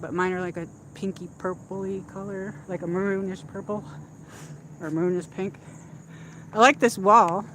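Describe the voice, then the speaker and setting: A woman hosts a casual walk-and-talk livestream outdoors in a shopping area at dusk, rambling with lots of fillers into a handheld phone. Her pitch is fairly low, with slight background noise.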